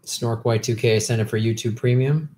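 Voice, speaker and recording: A man's voice: mid-range voice, fairly even intonation, normal speed, mellow, a little hiss or hum. A man hosting a casual live stream, reading viewer questions and answering in an opinionated, heated way with many restarts.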